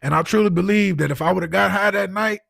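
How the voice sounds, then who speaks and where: A man telling his own story as a podcast guest, animated and emotional, full of "like" and "you know what I'm saying". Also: sits high, fast talker, vocal fry, no echo. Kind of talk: casual storytelling.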